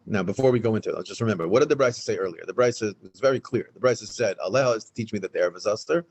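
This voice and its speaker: Fast, animated man teaching Talmud. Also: on the low side, breathy edge, rough recording. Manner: animated, restates points, fast and emphatic. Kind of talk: Daf Yomi Talmud class. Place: synagogue study hall, in front of a small class.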